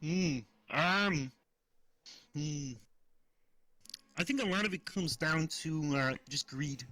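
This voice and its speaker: A man's voice: a little high, slow, bright, forceful tone, rough recording. A man guesting on a casual talk show as a voice impressionist, answering in a laid-back, easily amused way. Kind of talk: casual chat.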